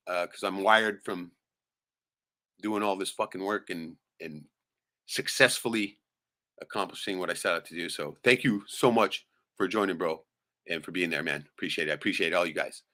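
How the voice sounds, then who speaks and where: A man's voice: deep voice, moderate pace, pushed and bright. A middle-aged man ranting late at night on his live stream, profane and rambling, tagging nearly every point with "right?".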